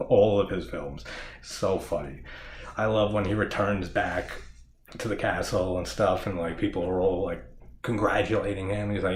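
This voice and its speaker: A man with a very low voice chats loosely about a movie he loves, laughing often and restarting his sentences. He now and then acts out lines in raised, jokey voices. The sound is roomy, with a faint hiss underneath. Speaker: horror movie channel host. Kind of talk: casual film discussion.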